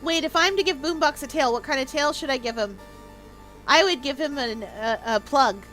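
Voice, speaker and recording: A woman from Canada chatting casually on a game stream, rambling through jokey stories and quick asides. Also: sits high, fairly bright tone, soft background music.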